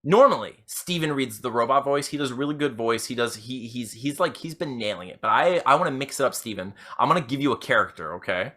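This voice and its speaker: A man's voice: mid-range voice, expressive, fast talker, hardly any pauses, sharp tone. A man co-hosting a comedy podcast, chatting casually in a rambling, giggly way. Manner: rambling, many restarts, giggly. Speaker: podcast co-host.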